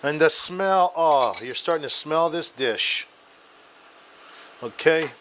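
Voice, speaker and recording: A man hosts a cooking show with eager, chatty enthusiasm, talking straight to the viewers. His voice sits a little high. He shifts easily between recipe steps and storytelling. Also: takes it slowly, a bit bright, a little hiss or hum. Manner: enthusiastic, addresses viewers as guys. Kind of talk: cooking demonstration and anecdote.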